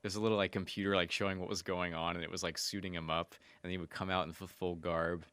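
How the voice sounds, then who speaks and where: A man's voice: sits low, level tone, fast talker, a bit bright, smooth, no room sound. A young man in his twenties co-hosting a podcast, telling stories in casual chat full of "like" fillers. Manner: rambling, filler-heavy storytelling. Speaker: podcast co-host.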